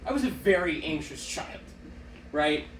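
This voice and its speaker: Lively young man doing stand-up. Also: a little high, unhurried, echoey room, recorded from a distance, slight background noise, poor audio. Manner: animated, self-deprecating storytelling. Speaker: stand-up comedian. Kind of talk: stand-up comedy set. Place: small theater stage.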